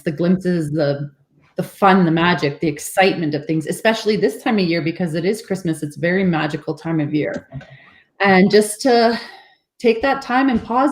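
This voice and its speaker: A woman's voice: on the low side, darkish tone, a little hiss or hum, poor audio. A woman delivering a spiritual card reading in earnest, repetitive, encouraging phrases. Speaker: co-reader giving card messages.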